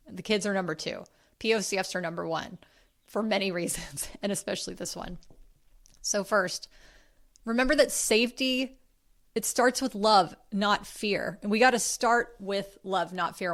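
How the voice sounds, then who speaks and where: A woman's voice: medium pitch, a bit bright. A woman hosting a podcast, talking in an earnest, chatty way with friendly asides. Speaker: podcast host. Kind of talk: casual podcast talk.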